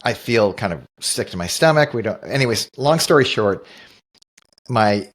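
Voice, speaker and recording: Earnest, low-voiced middle-aged man telling a story. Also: animated, moderate pace. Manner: earnest, thoughtful, with frequent restarts. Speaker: podcast co-host. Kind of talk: reflective storytelling in casual conversation.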